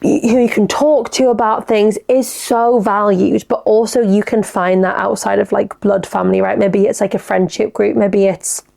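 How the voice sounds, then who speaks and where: Chatty, sweary woman with a gravelly edge. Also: medium pitch, fairly even intonation, moderate pace, few pauses, a little mellow. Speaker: podcast host. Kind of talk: casual advice chat.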